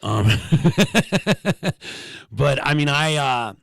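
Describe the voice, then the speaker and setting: A man's voice: on the high side, lively intonation, very slow, creaky, fairly bright tone, no echo. A man, a stand-up comedian, chatting casually as a podcast guest, telling loose stories with slangy asides and laughs. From Pittsburgh, USA.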